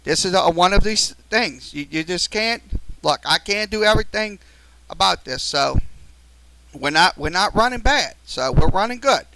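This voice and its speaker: Male sports talk host, high and gravelly voice, bright tense tone, rambling with lots of ums. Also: animated, normal speed, slight background noise, low-quality recording. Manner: rambling with many fillers and restarts, getting upset at a viewer. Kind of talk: live-streamed sports talk. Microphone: studio mic through a mixer.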